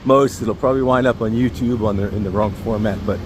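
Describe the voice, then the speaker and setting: A man's voice: fairly low pitch, steady tone, fast talker. A man who is an airline pilot, chatting casually in a rambling, sidetracked way as he walks uphill on a city street, slightly out of breath. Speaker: airline pilot and travel vlogger. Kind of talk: casual walking vlog. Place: outdoors on a city residential street. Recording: noisy outdoor street ambience. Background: street traffic.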